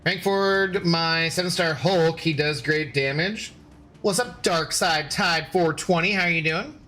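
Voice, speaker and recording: A man's voice: on the high side, measured pace, bright, forceful tone, slight background noise. A man casually chatting with his viewers while streaming a game, reading out chat messages and bantering sarcastically. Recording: faint background music.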